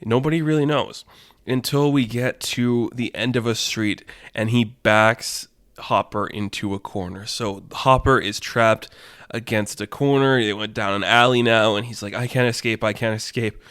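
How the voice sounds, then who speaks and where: A young man hosting a podcast, narrating a made-up fight story in a rambling, animated way and laughing at his own jokes. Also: fairly low pitch, measured pace, clean tone, dry recording, clean studio sound. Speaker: podcast host.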